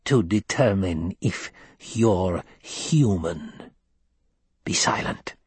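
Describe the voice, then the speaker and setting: A man's voice: medium pitch, expressive, a little mellow, husky, no room sound. A man putting on a stern, menacing old woman. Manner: imperious, slow and menacing, dropping to whispers.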